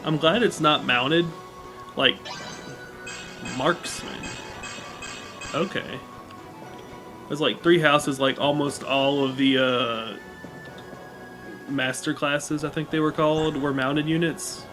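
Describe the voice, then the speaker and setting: Casual rambling man with a slightly high voice. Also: fairly even intonation, slow, pauses often, music in the background. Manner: rambling, full of fillers like "like" and "um"; reads game dialogue aloud between remarks. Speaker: let's play gamer. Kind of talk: casual gameplay commentary.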